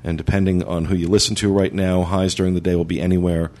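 A man's voice: low-pitched, level tone, quick pace, a little mellow. A man hosting a casual podcast roundtable, running segments and laughing often with his co-hosts. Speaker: podcast host.

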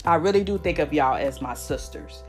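A woman in her forties hosts a podcast, her voice sitting a bit low as she speaks warmly and emotionally, circling back over her words. Faint music runs softly under her talk. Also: moderate pace. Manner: emotional, repeats phrases, folksy. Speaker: podcast host. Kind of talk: heartfelt casual chat.

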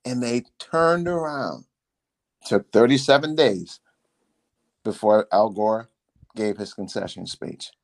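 A man in his sixties, a former congressman, telling stories to his son in a casual, emphatic way and repeating phrases for effect. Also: medium pitch. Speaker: former congressman hosting a podcast.

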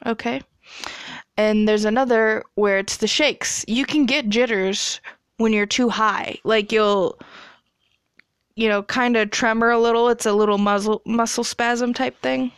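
A woman's voice: on the high side, fairly even intonation, a little slow, smooth, no echo, clean studio sound. A woman in her twenties casually telling a story, chatty and profane, laughing as she goes. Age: 20s.

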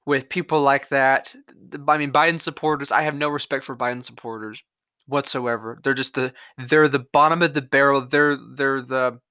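In clean studio sound with no room sound, this young Mississippi-accented podcast host rants angrily about politics, swearing a lot and rambling through restarts. His voice is mid-range, sharp yet clear and resonant, at a normal speed with fairly even intonation.

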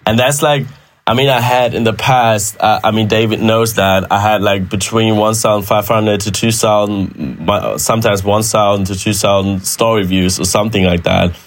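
Casual man with a lowish voice. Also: steady tone, moderate pace. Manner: loose, repetitive restarts and swearing. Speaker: podcast co-host. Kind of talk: casual chat.

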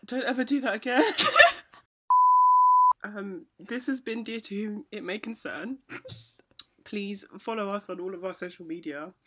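A young woman in her twenties co-hosting a podcast, chatting playfully and laughing often. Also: medium pitch. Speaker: podcast co-host. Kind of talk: casual chat.

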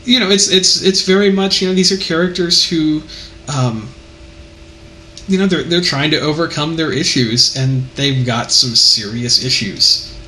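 A man's voice: fairly high pitch, unhurried, sharp tone, a little hiss or hum, poor audio. A man in casual conversation about a movie, speaking thoughtfully and hesitantly with many fillers. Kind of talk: casual film discussion.

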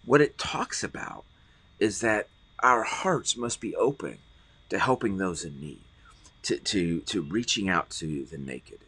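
A man's voice: sits low, lively intonation, unhurried, a bit bright, breathy edge. A middle-aged man preaching a podcast sermon as pastor, earnest and often repeating words as he stresses a point.

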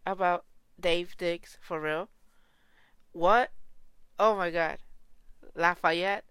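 Casual vlogger woman, low-ish smooth voice, excitable and gushing, dry close sound. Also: slow, long pauses, no room sound. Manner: gushing, excitable, lots of restarts and exclamations; slangy, informal. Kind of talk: casual reaction vlog.

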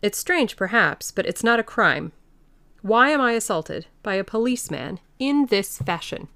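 A woman voicing an indignant, haughty invisible man with a sharp, scolding manner in an audiobook reading. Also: medium pitch, big pitch swings, normal speed, no room sound, voice pushed up. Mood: protesting.

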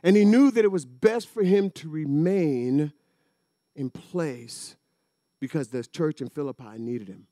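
Preacher guy, high voice, super dry close sound, chatty then punches it up. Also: measured pace, warm tone, dry recording. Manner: conversational storytelling that builds to emphatic peaks. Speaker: pastor. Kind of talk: sermon.

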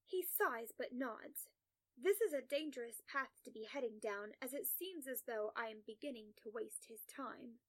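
A woman narrating a first-person story in a calm, measured, soft-spoken way. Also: fairly high pitch, dry recording.

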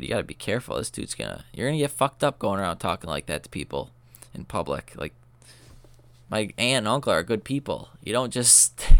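Brief: young male podcast host, low voice, smooth and resonant, rambling and profane. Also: fairly bright tone, no echo. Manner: loose, profane, filler-heavy talk. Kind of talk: casual rambling storytelling.

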